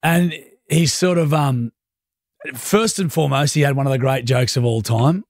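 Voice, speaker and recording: A young Australian man hosting a radio show, telling a story in casual, animated banter. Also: medium pitch, moderate pace, dry recording, clean studio sound. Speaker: radio host. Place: radio studio. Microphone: studio mic.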